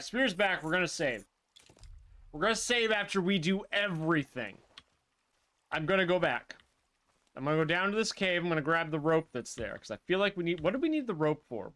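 A man giving live gameplay commentary, his voice sitting a bit high and swinging widely in pitch. He swears freely and talks back to his viewers and to the characters on screen. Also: fairly bright tone. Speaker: streamer.

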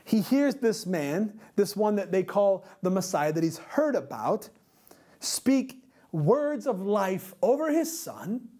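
A man's voice: high-pitched, darkish tone. A male pastor preaching a sermon in an earnest, emphatic way, repeating rhetorical questions.

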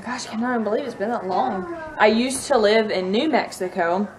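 A woman's voice: on the high side, brisk, a crowd in the background. A woman in her thirties with a Southern US accent, a mom chatting casually and rambling to her camera at home, laughing often. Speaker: mom vlogger. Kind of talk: casual chat. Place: living room at home.

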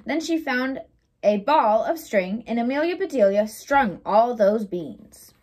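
A young woman reads a children's story aloud, expressive and animated. Her voice sits high and moves lively up and down through each sentence. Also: unhurried. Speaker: storybook reader.

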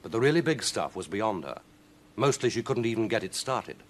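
A man reading a children's story aloud in a lively, expressive way. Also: fairly low pitch, fairly quick.

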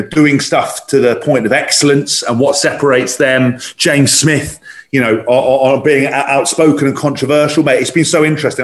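A man chatting as a podcast guest over a video call, rambling with lots of fillers. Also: mid-range voice. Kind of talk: casual chat.

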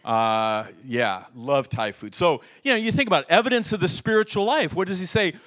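A man's voice: fairly high pitch, moderate pace. A middle-aged man preaching a sermon, telling stories animatedly and putting questions to his listeners. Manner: animated storytelling, asks the audience questions. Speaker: pastor.

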